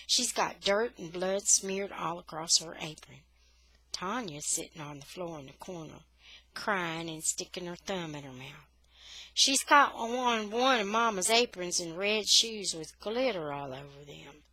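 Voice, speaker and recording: Slow, expressive woman reading a story aloud. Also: on the low side. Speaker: reader of a children's novel. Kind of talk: reading a book aloud for English learners.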